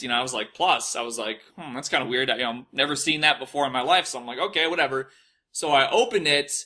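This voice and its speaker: Profane young man spinning a wild story. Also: on the high side. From Minnesota, US. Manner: profane, animated retelling with mocking quoted voices. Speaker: podcast host telling a story. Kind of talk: casual storytelling.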